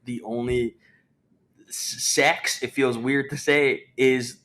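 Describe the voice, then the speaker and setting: A man's voice: mid-range voice, steady tone, slow pace, a bit bright. A man in his twenties co-hosting a podcast in casual comedic chat, rambling and stumbling over restarts. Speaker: podcast co-host.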